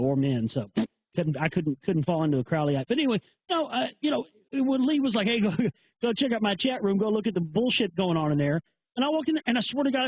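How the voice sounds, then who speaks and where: A man's voice: high voice, lo-fi sound, slight background noise. A man hosting a live internet talk show, delivering a profane, emphatic, heated rant. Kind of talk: ranting monologue.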